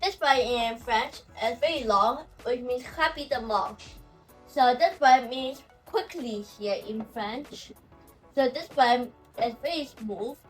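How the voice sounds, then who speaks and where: A woman teaching language pronunciation, who talks slowly and says example words over and over. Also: fairly high pitch, far from the mic, faint music behind, rough recording. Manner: slow and repetitive, saying example words over and over. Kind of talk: explaining pronunciation.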